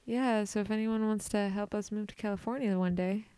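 Female podcast co-host, smooth and clear, chatty, playful, casual. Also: medium pitch, steady tone, brisk, dark tone, no echo. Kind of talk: casual chat.

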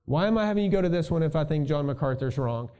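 Man, pastor, conversational sermon, slightly high voice, warm tone. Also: animated, fast talker, smooth. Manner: conversational, thinking aloud with asides.

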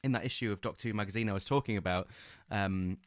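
Rambling, enthusiastic low-voiced man. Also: fast talker, dry recording. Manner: enthusiastic, rambling with many fillers and restarts. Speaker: podcast co-host. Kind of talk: casual book-club chat.

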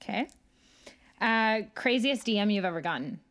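A woman with a Midwestern accent, hosting and asking quick, playful quiz questions. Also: medium pitch, lively intonation, a bit bright. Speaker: host. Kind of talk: casual chat.

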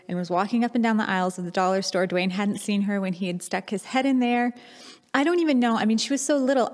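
A woman pastor in her thirties delivers a sermon at an ordinary middle pitch. She tells stories in a candid, reflective way. Her voice rings out with a long hall reverb around it. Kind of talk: sermon with personal storytelling.

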